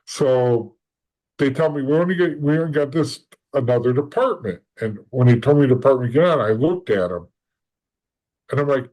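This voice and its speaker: A man of middle pitch recounting his own past as a podcast guest. He rambles and restarts often and slips into the voices of the people he quotes. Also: lively intonation, moderate pace, warm tone, low-quality recording. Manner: rambling, acts out quoted dialogue, frequent restarts. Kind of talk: casual storytelling in conversation.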